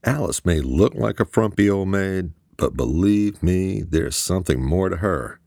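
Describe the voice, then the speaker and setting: A man's voice: sits low, expressive, a little slow, gravelly, a little mellow, dry recording, studio quality, pitched above the performer's own voice, exaggerated voice. A man voicing a brash, irritable young man in an audiobook, talking in snappy retorts.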